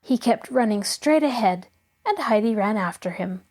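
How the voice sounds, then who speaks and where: A woman host reading a classic children's novel aloud in an expressive storytelling voice. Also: fairly high pitch, moderate pace.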